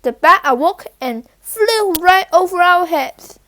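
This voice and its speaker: High-voiced woman reading slowly. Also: lively intonation, fairly bright tone. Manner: halting, with slips and restarts. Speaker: reader. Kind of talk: reading a children's book aloud.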